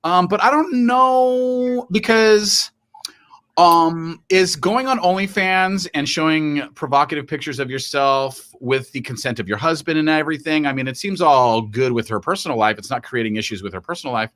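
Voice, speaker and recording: A man's voice: on the high side, moderate pace. A man co-hosting a live stream, rambling in casual chat with jokes and asides. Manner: rambling, animated, jokey. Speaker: co-host.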